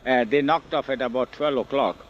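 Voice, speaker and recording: An older man telling memories in an oral history interview, animated and acting out the quoted speech, recorded outdoors on old film. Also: mid-range voice, fairly quick, a little hiss or hum. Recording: dull lo-fi 1970s film audio.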